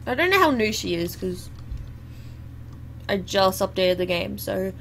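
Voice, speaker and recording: A woman's voice: mid-range voice, animated, unhurried, gravelly, fairly bright tone, a little hiss or hum. A young woman, chatting and exclaiming as she comments live on her own gameplay. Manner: chatty, exclaiming at the game, laughing. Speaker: gaming YouTuber.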